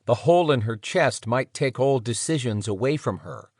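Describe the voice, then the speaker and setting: A man narrating an audiobook in an expressive, dramatic reading style. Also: medium pitch, moderate pace, breathy edge, no room sound, studio quality. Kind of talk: scripted narration.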